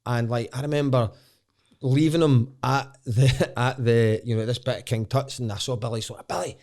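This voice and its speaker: A man's voice: medium pitch, steady tone, moderate pace, darkish tone. Glasgow guy, comedian on a podcast, rambly, keeps restarting, swears a lot. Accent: Scottish, Glaswegian. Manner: rambling, self-interrupting, swears casually. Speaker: guest, stand-up comedian. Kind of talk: candid podcast storytelling.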